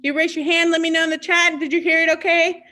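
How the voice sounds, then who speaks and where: Upbeat high-voiced woman leading storytime. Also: level tone, quick pace. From Mexico. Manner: upbeat, patient, teacher-like, switching between English and Spanish words. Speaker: children's librarian. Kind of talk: online children's storytime.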